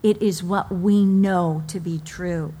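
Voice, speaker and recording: A middle-aged woman preaching a sermon. She speaks with emotion, mixes stories about her children into her teaching, and slows down to stress key phrases. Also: on the low side, steady tone, dark tone, husky. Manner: slow, deliberate emphasis on key phrases.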